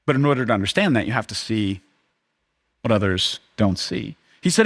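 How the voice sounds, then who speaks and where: A young male pastor delivers a sermon in a church, his voice sitting at an ordinary middle pitch. He preaches in a lively, conversational way, often jumping up in pitch and volume to act out a listener's reaction. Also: a little fast. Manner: animated, acts out crowd reactions in a raised voice.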